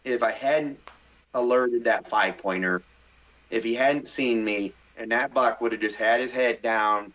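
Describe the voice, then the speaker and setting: A middle-aged podcast guest, mid-range in voice and unhurried, tells a story in casual conversation. He's excitable and animated, acting out his inner voice, while the recording's high frequencies are cut off.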